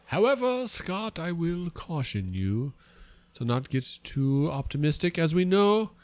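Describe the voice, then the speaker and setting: A man's voice: on the high side, sing-song, measured pace, no room sound, voice pushed up. Man putting on a pompous, formal pundit voice, mock-serious, dry close sound. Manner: mock-grand, formal put-on delivery.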